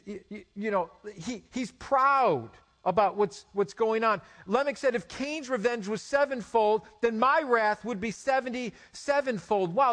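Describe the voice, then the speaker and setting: A man in his forties preaching a sermon, animated, with rhetorical questions and stammered restarts. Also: high voice. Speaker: pastor.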